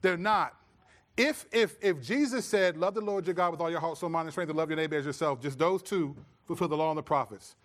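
Pastor, middle-aged man, lively sermon delivery, a little high-pitched. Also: a little fast. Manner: animated storytelling, acts out his own scolding voice.

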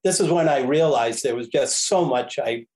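A man, a podcast guest, telling a casual story in a rambling, animated way, often correcting himself. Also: mid-range voice, moderate pace, rough recording. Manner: animated, rambling, self-correcting with frequent chuckles. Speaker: podcast guest, railroad history enthusiast.

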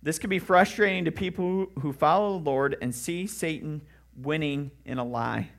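A man's voice: a little high, moderate pace. A man, a pastor, preaching a sermon in an earnest, conversational way with emphatic rising questions.

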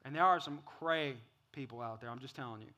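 A middle-aged man preaching a sermon as pastor. He is playful and laughs at his own jokes, and he swings between loud acted-out bits and quiet, earnest talk. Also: medium pitch, fast.

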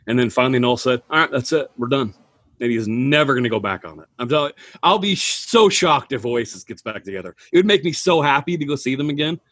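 A man in casual podcast chat, telling animated, rambling stories about bands. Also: mid-range voice, quick pace, few pauses, husky, no echo, studio quality.

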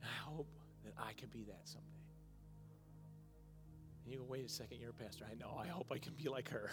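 A male pastor preaching a sermon, moving from quiet, emotional passages to loud, emphatic ones. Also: medium pitch, fairly quick, long pauses, over music. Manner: emotional, swings from soft and hushed to loud and emphatic.

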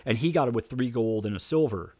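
Here a middle-aged man talks fast at a medium pitch. As a debate coach being interviewed, he tells lively stories and imitates the voices of the people in them.

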